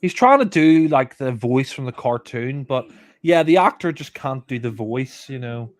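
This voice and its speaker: A man's voice: mid-range voice, expressive, moderate pace, no room sound. A man casually commentating on a film and often repeating himself as he hesitates. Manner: hesitant, stumbles and repeats words.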